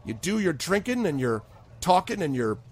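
A woman's voice: on the low side, big pitch swings, moderate pace, darkish tone, husky, faint music behind, voice pushed up. A man voicing a stern, scolding middle-aged woman who is a village constable. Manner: curt, scolding.

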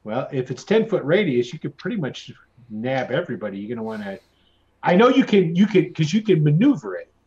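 A man's voice: on the high side, very animated, fairly quick, a little mellow. A man running a tabletop game as game master, casual and laughing often. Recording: dull lo-fi audio.

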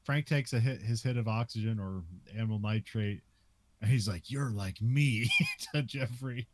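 A man's voice: lowish voice, measured pace, a little mellow, no echo. A man co-hosting a film podcast, recapping scenes and laughing often. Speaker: podcast co-host. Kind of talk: casual film discussion.

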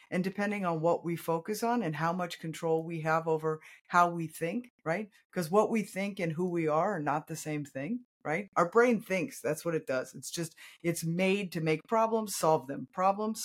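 A life coach guest on a podcast, explaining in an earnest, easygoing way, often quoting clients and checking in with "right?". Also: mid-range voice. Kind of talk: conversational interview.

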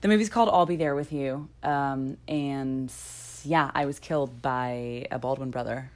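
Low-voiced chatty woman podcast host. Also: moderate pace, a little mellow. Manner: chatty, tangents, laughs often. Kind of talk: casual chat.

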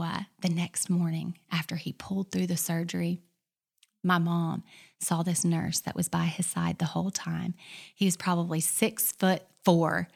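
A woman sharing a personal testimony in a casual talk, earnest, sometimes dropping to a hushed whisper and rising to fervent declarations. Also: on the low side, vocal fry. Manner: earnest storyteller, drops to a whisper for quoted prayers and builds to fervent. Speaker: guest.

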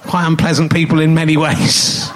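A man's voice: a little high, completely flat delivery, moderate pace, a faint crowd. Rambling, sarcastic English man hosting live. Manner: rambling, self-mocking, sarcastic. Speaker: comedy podcast host. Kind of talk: live stand-up style podcast intro. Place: theatre stage before a live audience.

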